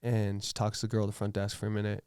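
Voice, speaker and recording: A man's voice: on the low side, completely flat delivery, very fast, darkish tone, smooth, no echo, studio quality. Laid-back man telling a story bluntly. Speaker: tattoo artist guest. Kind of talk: casual storytelling chat.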